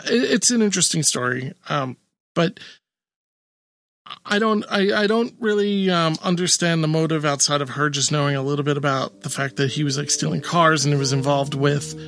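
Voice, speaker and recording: A man's voice: a little high, fairly bright tone, no echo. A man co-hosting a podcast in casual chat, rambling with fillers and laughing easily. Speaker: podcast co-host.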